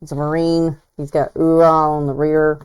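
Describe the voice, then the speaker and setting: A woman hosts a relaxed livestream in a low, mellow voice. She talks in a chatty, admiring way and pokes fun at herself now and then. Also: normal speed, smooth, low-quality recording. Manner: chatty, self-deprecating, admiring. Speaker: host. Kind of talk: casual livestream commentary.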